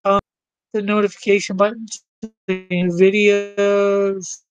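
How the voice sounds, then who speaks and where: A woman talks to her channel's viewers in an easy, drawn-out way, her pitch sitting in the middle of her range. She plays around in a put-on accent and breaks into sudden shouted bursts. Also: level tone, smooth, dry recording, highs cut off, soft background music. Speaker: vlogger. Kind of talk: casual chat to camera.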